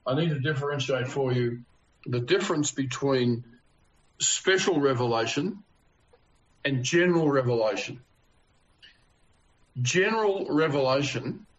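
A man preaching a sermon in a mid-pitched voice. He talks in a halting way, full of fillers and restarts, then leans hard on the key phrases. The recording sounds slightly dull and lo-fi.

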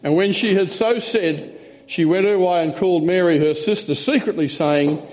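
A man preaching in a sermon, earnest and storytelling, his voice pitched a bit high but mellow in tone. He reads scripture aloud and often pauses and restarts. The recording is dull and lo-fi.

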